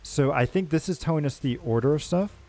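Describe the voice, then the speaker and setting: A man's voice: on the high side, brisk, a little mellow. A man streaming a game, casually reading the story text aloud with asides. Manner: casual, with filler asides and restarts.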